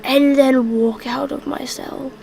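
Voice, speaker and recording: A woman's voice: sits high, fairly even intonation, slow, vocal fry, a loud crowd, full character voice, poor audio. A woman voicing an imprisoned male vampire hunter in a tabletop game, drawling and sarcastic with plenty of swearing. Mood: bitter. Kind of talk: tabletop role-play.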